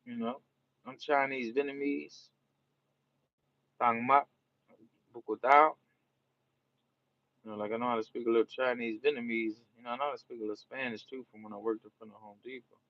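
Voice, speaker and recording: A man's voice: medium pitch, expressive, fast talker, creaky, no echo, lo-fi sound. A man from New Orleans with a New Orleans accent, chatting casually and rambling with viewers on a live stream. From New Orleans, Louisiana. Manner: laid-back, rambling, peppered with "you know". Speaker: livestreamer.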